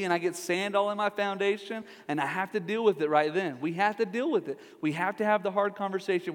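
A middle-aged man preaching a sermon in a church, joking with the congregation in a conversational way. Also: sits high. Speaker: pastor. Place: large church hall. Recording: reverberant church hall.

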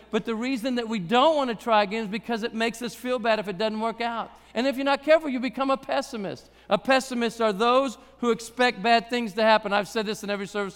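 Man, middle-aged pastor, high-pitched voice, chatty humorous sermon delivery, live church recording with long reverb. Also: a bit bright, clean tone. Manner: conversational preaching with humor and rising emphasis. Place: church service hall.

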